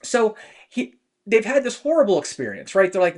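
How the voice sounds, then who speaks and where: A man's voice: sits high, big pitch swings, normal speed, darkish tone. A man hosting a short weekly business show, talking casually and telling stories with plenty of fillers. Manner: conversational storytelling with many fillers. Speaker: host.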